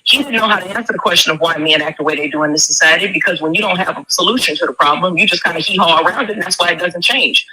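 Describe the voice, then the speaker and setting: Fast, forceful woman in her forties. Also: on the low side, rough recording. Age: 40s. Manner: emphatic, preachy, rhetorical questions. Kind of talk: impassioned commentary.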